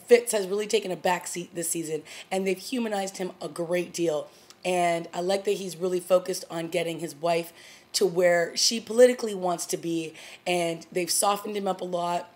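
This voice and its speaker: A woman with a fairly low voice talks through a TV episode in a relaxed vlog. She is chatty and animated, leaning on "you know" and "like" as she retells the scenes. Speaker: TV review vlogger. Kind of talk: casual solo TV episode review.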